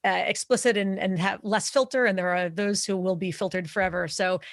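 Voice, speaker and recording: A woman's voice: medium pitch, fairly even intonation, no echo, clean studio sound. A woman hosting an interview podcast, speaking thoughtfully with frequent "uh"s. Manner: thoughtful, measured, with filler "uh"s. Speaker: podcast host.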